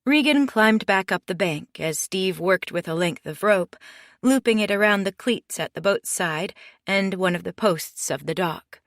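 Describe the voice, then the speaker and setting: A woman reading a mystery audiobook in steady, measured scripted narration. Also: medium pitch, no room sound, studio quality.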